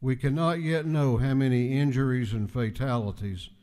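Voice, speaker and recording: A man giving a measured, deliberate floor speech as speaker of a legislative house. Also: medium pitch, steady tone, darkish tone. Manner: measured, deliberate oratory with emphatic repetition. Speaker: house speaker presenting a resolution. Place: large legislative chamber. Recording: long hall reverb in a chamber.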